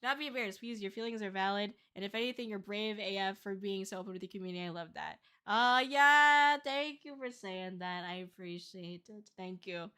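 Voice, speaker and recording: A woman's voice: medium pitch, quick pace, few pauses, fairly bright tone, clear, resonant tone. A young woman streaming, chatting candidly with viewers in a rambling way, full of fillers and restarts. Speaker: VTuber streamer. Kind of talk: casual livestream chat.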